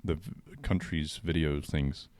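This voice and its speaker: A young man co-hosting a podcast, joking around in a relaxed, rambling way with lots of fillers. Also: a bass voice, measured pace, no echo. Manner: laid-back, joking, trails off with fillers. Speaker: podcast co-host. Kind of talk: casual chat.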